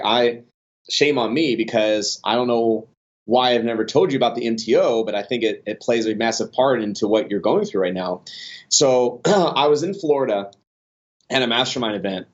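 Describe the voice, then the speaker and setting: A man's voice: on the low side, highs cut off. A man guest on a podcast, telling business stories in a casual, rambling way with lots of restarts. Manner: rambling, many restarts and fillers, animated in stories. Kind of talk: casual conversational storytelling.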